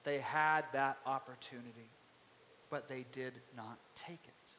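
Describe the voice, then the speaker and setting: A man preaching a sermon as pastor, lively and conversational, acting out the voices of biblical figures. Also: medium pitch, a little slow, slight background noise. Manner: animated, acts out biblical voices. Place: church sanctuary. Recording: long hall reverb.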